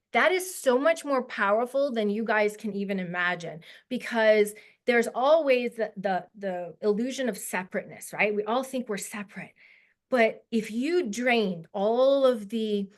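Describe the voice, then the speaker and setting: A woman in her forties giving an emotional, heartfelt talk as a guest speaker on a video call, chatty and full of fillers. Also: fairly high pitch. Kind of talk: casual presentation to a webinar audience.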